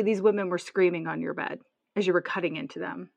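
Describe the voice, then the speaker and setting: A woman's voice: fairly low pitch, fairly even intonation, a little fast, creaky, dry recording, muffled recording. Frank, outspoken woman podcast co-host. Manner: frank and outspoken, swears when indignant. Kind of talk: casual chat.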